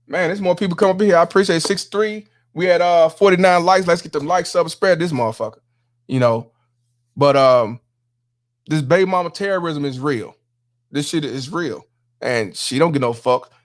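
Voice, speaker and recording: A man hosting a livestream, giving profane, emphatic commentary and shouting out viewers. He repeats lines for emphasis. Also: a little high. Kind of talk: live-streamed commentary with viewer shout-outs.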